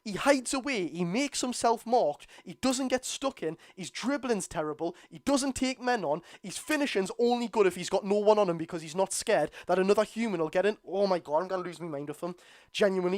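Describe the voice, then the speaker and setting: A young man with a strong Geordie accent rants bluntly through a live football watchalong, exasperated and outspoken. His voice sits high for a man. The recording is dry and close, with no room sound. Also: a little fast, a little mellow, no echo. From North East England. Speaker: football fan streamer.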